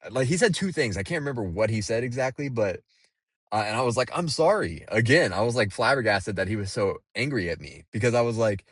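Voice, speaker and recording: Man, low-pitched, casual rambling storyteller, swears, dry close sound. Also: animated, fast talker, fairly bright tone, slightly rough, dry recording. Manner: rambling, swears freely, heavy with fillers. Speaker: delivery driver.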